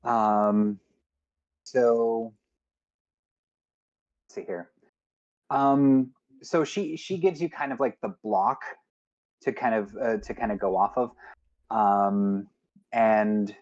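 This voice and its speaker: Slow-talking game master, dull lo-fi sound. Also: male voice, medium pitch, a little mellow. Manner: slow, hesitant with many fillers. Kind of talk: narrating a tabletop game.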